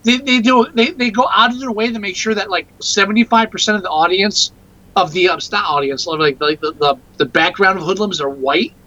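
A man's voice: sits high, a little fast, poor audio. A man co-hosting a podcast, chatting casually about a movie and often restarting his sentences. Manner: rambling, restarts often, animated. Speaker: podcast co-host. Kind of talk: casual movie-review chat.

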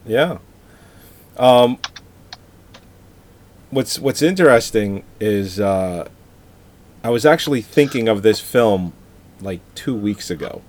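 A man's voice: on the low side, animated, slow pace, pauses often. Laid-back man telling stories on a podcast. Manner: laid-back storyteller, laughs easily. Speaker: podcast co-host. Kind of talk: casual movie-review chat.

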